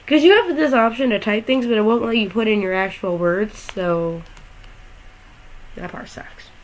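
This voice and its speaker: A woman's voice: mid-range voice, moderate pace, poor audio. A young woman chatting casually and swearing freely as she walks through a game, talking from her bedroom while lying down. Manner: rambling, swearing, jokey. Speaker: gaming vlogger.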